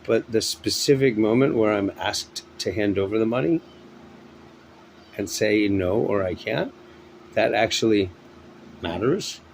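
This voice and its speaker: Man, low voice, out of breath, exhausted, halting, rambling monologue, faint fan hum. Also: lively intonation, gravelly, rough recording. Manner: weary, halting, with many pauses and fillers. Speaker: vlogger. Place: at home indoors. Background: electric fan running.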